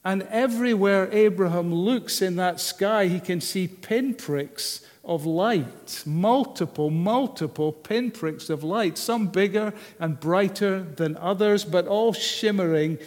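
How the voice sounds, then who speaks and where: A man preaching a sermon, measured and unhurried, often asking the listeners rhetorical questions. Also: sits high, darkish tone. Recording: long hall reverb.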